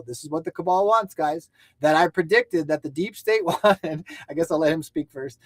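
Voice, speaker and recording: A man co-hosting a livestream news show, ranting angrily and swearing, rising to shouts at times. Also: on the high side, no echo. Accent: American. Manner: angry, profane, shouting at times. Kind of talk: heated ranting livestream commentary.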